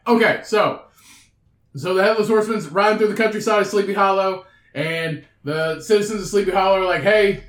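A man with a fairly high voice rambles through a crude, profanity-laced story in casual podcast chat. His voice rings in a roomy, echoey space. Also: normal speed, a bit bright. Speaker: podcast co-host.

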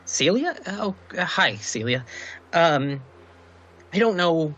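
A man's voice: on the high side, sing-song, slow, a bit bright, pitched above the performer's own voice, full character voice. A man voicing a timid, overwhelmed young girl who stammers and halts nervously. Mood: timid, flustered. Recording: muffled, dull audio.

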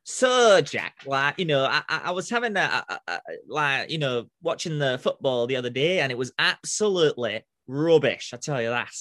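A man putting on the voice of a blunt northern bloke grumbling in a pub, with a put-on Northern English accent and a halting manner. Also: mid-range voice, sing-song, a bit bright, no echo, voice pushed down.

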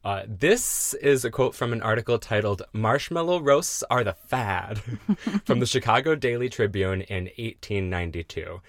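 Man, casual podcast co-host, animated pitch, dry close mic. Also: moderate pace, dry recording. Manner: reads out history with frequent laughs and fillers.

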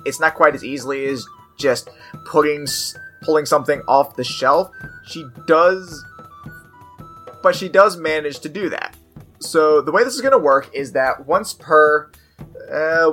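Low-voiced woman running a tabletop game. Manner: relaxed, improvising. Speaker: game master.

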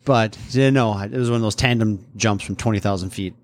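A man's voice: on the low side, a little fast, no room sound, clean studio sound. A man in his thirties from the upper Midwest, co-hosting a casual chat and telling meandering stories with lots of restarts. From upper Midwest, USA. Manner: rambling, self-interrupting storyteller. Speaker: podcast co-host.

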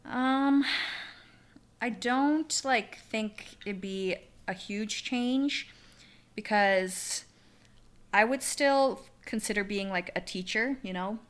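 Giggly young woman, bright voice. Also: mid-range voice, slow, clear, resonant tone. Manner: giggly, heavy use of "like". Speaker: podcast co-host. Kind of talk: casual chat.

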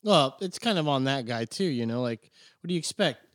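A man's voice: medium pitch, animated, fairly quick, a bit bright, no echo. Jokey man with a dry, close sound. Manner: jokey, chimes in with bits. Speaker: podcast co-host. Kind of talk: casual chat.

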